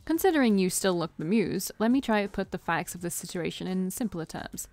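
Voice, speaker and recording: A woman voicing a smug, theatrical male vampire who talks slowly and emphatically, like a preacher. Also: fairly low pitch, lively intonation, a little mellow, no echo, soft background music. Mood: knowing. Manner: slow, emphatic, knowing.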